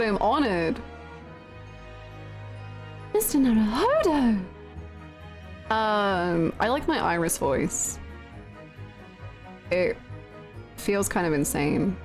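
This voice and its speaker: Giggly, animated British woman streamer. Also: medium pitch, takes it slowly, long pauses, faint music behind. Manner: giggly, bashful and animated, talks in bursts. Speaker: livestream host. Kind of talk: casual game stream chat, reading viewer comments.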